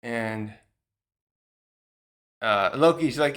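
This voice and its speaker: A manga reviewer with a fairly high voice recaps a comic chapter slowly and casually, pausing often. He rambles with many fillers and restarts and briefly acts out the characters' lines.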